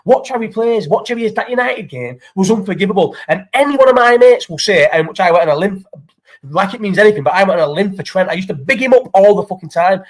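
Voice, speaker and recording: Young male podcast host, rapid-fire and profane, slightly higher voice. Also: lively intonation. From Falmouth, England. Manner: sweary, ranting football opinions. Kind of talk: casual live chat.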